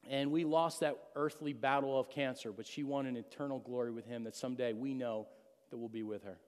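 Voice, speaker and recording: A man's voice: mid-range voice, steady tone, fairly quick, a little mellow, smooth. A middle-aged man giving an earnest, emotional personal testimony to a church congregation. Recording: long hall reverb.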